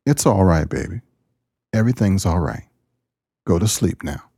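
A weeping husband keeps a soft, soothing hush at a deathbed, as a deep-voiced man acts him out. His voice is low and gravelly. The sound is dry and close. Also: expressive, normal speed, no room sound, exaggerated voice. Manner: soothing, hushed.

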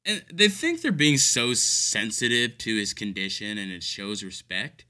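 Sarcastic guy ranting for laughs, swears a lot, very bright voice, pitch jumps all over. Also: huge pitch swings, unhurried, few pauses. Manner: sarcastic, exasperated, profane. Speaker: caregiver telling stories. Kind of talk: comedic rant.

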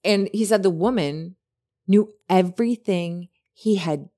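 Lively storytelling woman, lowish voice. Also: measured pace. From lived in California. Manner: animated storyteller, quotes others often. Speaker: podcast co-host. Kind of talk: casual chat, retelling a story.

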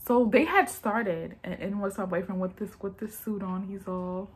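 A woman's voice: mid-range voice, a little slow, husky. Chatty woman telling a personal story. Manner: rambling, talks straight to viewers. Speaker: vlogger.

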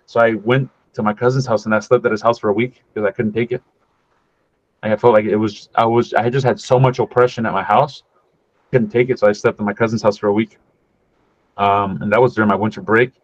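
A man from California, a podcast guest sharing his faith testimony as a lively story, acting out the voices of the people in it and dropping in casual words like "dude" and "man.". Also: fairly low pitch, a little fast, dry recording. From California, USA. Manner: animated storyteller who acts out quoted dialogue, casual with "dude" and "man". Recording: dull dry podcast audio.

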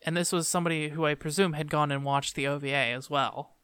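Podcast co-host, male, smooth dry voice, griping and exasperated. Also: fairly high pitch, fairly even intonation, fast talker, fairly bright tone, dry recording. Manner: ranting, exasperated complaining. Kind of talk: casual chat.

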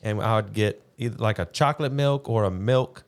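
A man with a slightly low voice co-hosts a loose, casual podcast. He tells stories in an easygoing, chatty way and swears now and then. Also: a little fast. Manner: relaxed, storytelling, swears casually. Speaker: podcast co-host. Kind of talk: casual chat.

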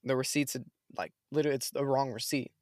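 A young man in casual conversation, telling a story with lots of slang and energy. His voice sits at a middling pitch. The sound is dry and close. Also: steady tone, fast, darkish tone, no room sound. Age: young adult. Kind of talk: casual chat.

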